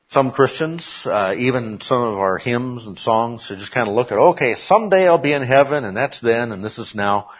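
A man's voice: fairly low pitch, husky, lo-fi sound. A man preaching a sermon in a conversational way, adding joking asides and often checking in with "okay?". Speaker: pastor.

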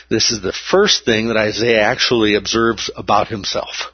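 A man's voice: lowish voice, fairly even intonation, normal speed, hardly any pauses, breathy edge, no room sound, highs cut off. A man preaching a sermon, emphatic and repeating key words for weight.

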